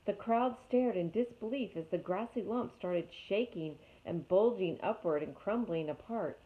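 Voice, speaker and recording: A woman reads a children's storybook aloud and talks directly to her young listeners, as a teacher would. Her voice sits at a medium pitch, and the recording is narrow and tinny, like a phone call. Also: normal speed. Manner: expressive, addresses the young listeners.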